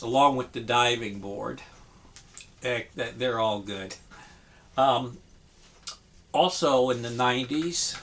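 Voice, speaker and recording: A man talking through an album review in an unhurried, easygoing way. He pauses often, restarting his sentences and filling gaps with ums. His pitch sits in an ordinary middle range, and he sounds relaxed and appreciative. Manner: hesitant, many ums and restarts. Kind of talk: casual spoken album review.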